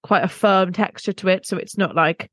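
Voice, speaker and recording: A woman's voice: medium pitch, fairly even intonation, moderate pace, fairly bright tone, no echo. A woman co-hosting a podcast in casual, rambling chat, poking fun at herself. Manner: chatty, self-mocking, rambling asides. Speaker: podcast co-host.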